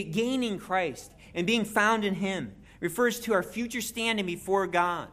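Animated preacher with jokey asides. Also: medium pitch. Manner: animated, jokey asides, restarts and repeated words. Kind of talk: expository sermon.

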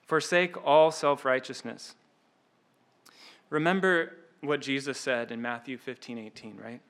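Earnest man preaching a sermon, bright voice. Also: mid-range voice, fairly even intonation, measured pace. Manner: earnest, repeats words while searching, says "like" and "right?" often. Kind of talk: expository sermon.

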